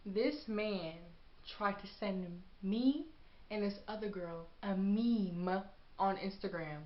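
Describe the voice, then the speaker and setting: A woman's voice: medium pitch, takes it slowly. Young woman, storytime vlog, sassy, acts out quotes, echoey room, dull lo-fi sound. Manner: animated, acts out quotes with sass.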